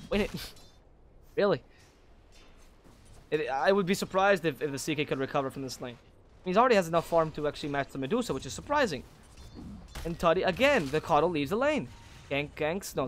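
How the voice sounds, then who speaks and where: Male solo esports caster, rapid and slightly high-pitched, opinionated with frequent self-corrections. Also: lively intonation, a little hiss or hum. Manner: opinionated, drifts into critical rants. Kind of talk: solo play-by-play commentary.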